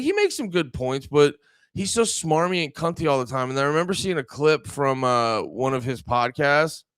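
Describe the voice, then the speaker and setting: A podcast host with a medium, slightly bright, smooth voice rants casually on a dry recording. He rambles, swears a lot, and leans heavily on filler words.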